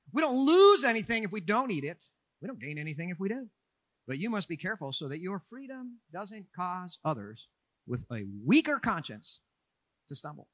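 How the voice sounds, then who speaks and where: Animated high-voiced male pastor preaching. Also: no room sound. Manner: animated, conversational preaching with asides and humor. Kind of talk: sermon.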